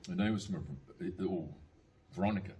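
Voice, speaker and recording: A man's voice: low voice, fairly even intonation, a little fast, mellow, slight background noise. Older man rambling through a story. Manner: rambling, many fillers and restarts, chuckling. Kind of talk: casual anecdotal storytelling.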